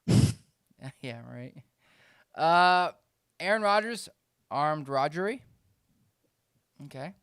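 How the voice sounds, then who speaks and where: A man with a fairly high, smooth and resonant voice chats casually on a sports podcast. He reads things out with animated energy and laughs often. The sound is dry and close, with no room around it. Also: takes it slowly, long pauses, no room sound. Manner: animated, laughs often while reading names. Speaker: podcast co-host. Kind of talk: casual chat.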